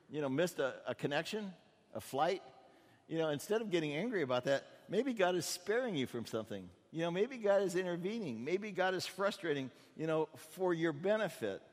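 A man's voice: on the high side, long reverb tail. A man preaching a storytelling sermon in a conversational way, often repeating words as he goes.

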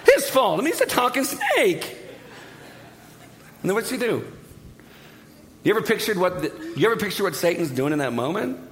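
A man preaching a sermon in an animated, joking way, talking straight to the congregation. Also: high voice, moderate pace, pauses often. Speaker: pastor.

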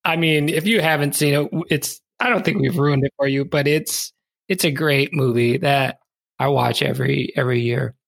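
A man's voice: medium pitch, normal speed, vocal fry, no echo. A man in his thirties co-hosting a podcast, casually chatting about a movie, laughing often and quoting lines in silly voices. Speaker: podcast co-host. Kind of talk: casual chat reviewing a movie.

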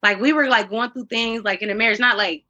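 A woman's voice: a little high, quick pace, pushed and bright, dull audio. A woman speaking as an interview guest in a candid, earnest way, often circling back with fillers and restarts. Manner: earnest, faith-driven, with many fillers and restarts.

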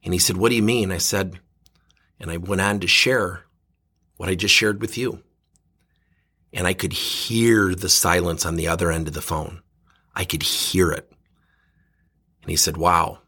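A man giving a motivational talk about resilience, telling a personal story in an animated, emphatic way. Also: moderate pace, long pauses. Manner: animated storyteller, swings from loud emphatic highs to low quiet asides. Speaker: speaker and workshop coach.

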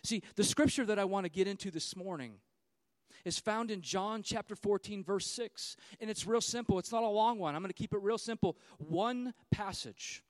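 A man preaching a sermon to a congregation in church, building to loud, emphatic repetition and dropping into casual asides. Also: high-pitched, normal speed, dry recording.

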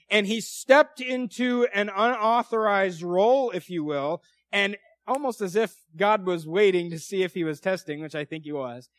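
A man's voice: high-pitched, no echo. A middle-aged man preaching a sermon in a loose, conversational way, with frequent restarts and asides. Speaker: pastor.

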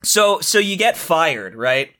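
Man, comedy co-host, loose crude riffing, bright tone. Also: a little high, big pitch swings, takes it slowly. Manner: rambling, crude, heavy filler words.

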